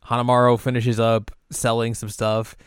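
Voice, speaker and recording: Smooth-voiced man recapping an anime. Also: moderate pace, dry recording, clean studio sound. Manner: animated, acts out characters' lines in high squeaky voices. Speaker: co-host recapping an anime episode. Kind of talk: casual reaction chat.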